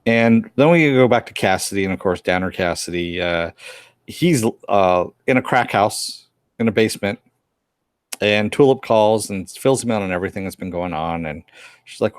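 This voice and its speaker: A man's voice: fairly low pitch, moderate pace, no echo, clean studio sound. A man co-hosting a casual review chat, retelling scenes and briefly acting out the characters' lines. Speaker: podcast co-host reviewing a TV episode.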